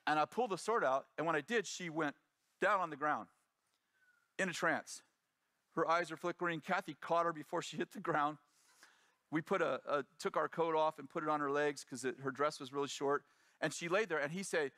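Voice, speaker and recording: A man's voice: on the high side, fairly quick, sharp tone, no room sound, studio quality. A middle-aged man preaching as a pastor, telling a story with animation and acting out the voices of the people in it. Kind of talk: sermon storytelling.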